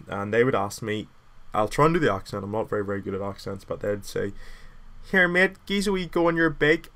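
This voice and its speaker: A young man tells a personal story in a casual, meandering style. His voice sits a little low. He pads his sentences with fillers and pokes fun at himself as he goes. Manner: rambling and self-deprecating, many filler "like"s.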